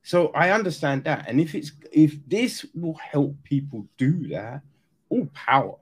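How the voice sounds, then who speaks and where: A man giving a casual, animated critique of a film, swearing now and then and acting out quoted lines. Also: on the high side, measured pace, breathy edge. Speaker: reviewer.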